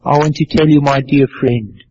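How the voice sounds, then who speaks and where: A man's voice: medium pitch, fairly even intonation, warm tone, slightly rough. An older man with a South African accent preaching a sermon, telling stories in an earnest, emphatic way. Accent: South African English. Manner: earnest storytelling, slow and emphatic. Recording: dull lo-fi sound.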